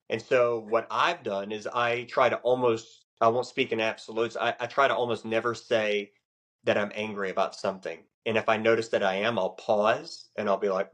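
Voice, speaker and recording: A middle-aged man, a Navy chief, speaking as a guest in a casual podcast interview, explaining ideas in an earnest, expressive way. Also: fairly low pitch.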